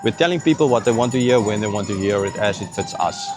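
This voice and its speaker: A man's voice: on the low side, animated, fast, music in the background. Earnest man teaching the Bible casually. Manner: earnest, conversational, drops into mocking imitations; frequent "right?" and "okay" check-ins. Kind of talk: informal Bible teaching to camera.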